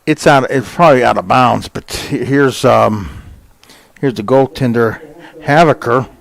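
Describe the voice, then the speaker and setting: A man announces a local soccer match with homespun chatter, pausing for fillers and picking up speed when the play gets close to goal. His voice sits in the middle range. The sound is dry and close to the mic. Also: medium pitch, vocal fry, no echo. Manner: folksy and chatty, with many fillers, quickening on shots. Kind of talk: casual sports commentary. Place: high school soccer game broadcast.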